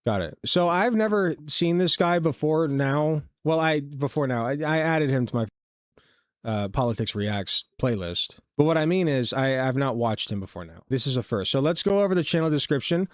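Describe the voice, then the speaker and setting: A man's voice: mid-range voice, animated, moderate pace, no room sound, studio quality. A man streaming a casual reaction video, rambling and sarcastic, full of fillers and restarts.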